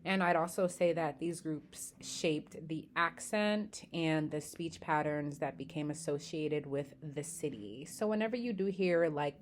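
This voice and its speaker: A young woman from the Boston area giving a casual class presentation, often pausing with "um" and demonstrating pronunciations aloud. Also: low-pitched, slight background noise. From Boston area, USA. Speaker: student presenter.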